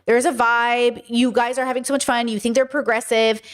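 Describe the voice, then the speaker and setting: A woman with a slightly high voice talks through a clip on her stream. She muses out loud and puts questions to her chat and to herself in a loose, casual way. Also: little pitch movement, fairly quick. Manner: thinks aloud, asks chat and herself questions. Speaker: streamer reacting to a video. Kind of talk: casual live-stream commentary.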